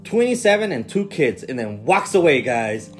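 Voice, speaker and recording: A man's voice: medium pitch, normal speed, over music. A man casually retelling a strange movie scene by scene, incredulous and swearing as he goes. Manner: animated, incredulous storytelling with swearing. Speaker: podcast co-host. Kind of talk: casual movie recap chat.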